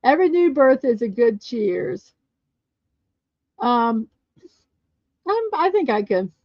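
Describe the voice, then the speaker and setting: A woman hosting a casual livestream chat show, chatty and quick to laugh as she tells stories and answers viewer comments. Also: a little high, big pitch swings, dry recording. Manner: chatty, laughs often, storytelling. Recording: dull lo-fi dry sound.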